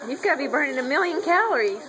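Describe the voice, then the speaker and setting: A woman coos at her baby in a very high, bouncing sing-song voice, slow and playful. It is a home video recording with a loud hiss of background noise. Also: lively intonation. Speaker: parent filming her baby.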